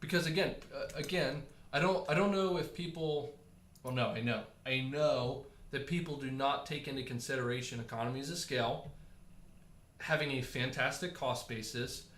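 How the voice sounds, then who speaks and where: Male livestream host, casual and animated, mid-pitched, a bit hoarse, echoey room sound. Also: normal speed, a little hiss or hum. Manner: chatty, animated, answers viewer comments. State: losing his voice.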